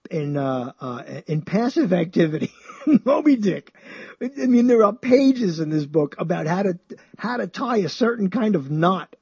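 A man hosting a show, talking about books in a rambling, animated way, often chuckling and swinging his pitch high and low. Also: slightly rough, no room sound, muffled recording. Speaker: show host. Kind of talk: rambling radio-style talk about books.

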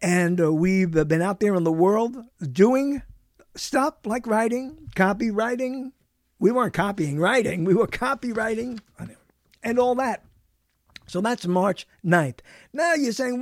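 A man's voice: sits high, dry recording. A man hosting a radio talk show in a studio, rambling playfully from one bit of wordplay to the next with chuckles.

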